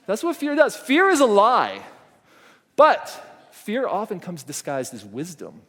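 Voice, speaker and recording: On a conference hall stage, a middle-aged motivational keynote speaker tells a family story in a high-sitting voice at a measured pace. He animates the tale by performing the voices, and the large hall adds a long reverb.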